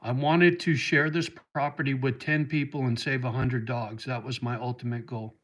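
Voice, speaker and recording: A middle-aged man hosts a casual livestream, reading out viewer comments and answering with heartfelt talk that turns choked up when dogs come up. His voice is medium in pitch and a bit bright, with a level tone and normal speed.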